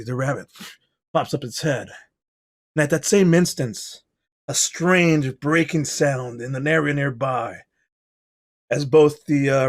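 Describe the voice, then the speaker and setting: A man sets the scene as game master of a tabletop role-playing game, walking through it like a film camera. His voice sits at an ordinary middle pitch. He sounds relaxed and chatty. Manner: cinematic scene-setting narration; playful banter with players.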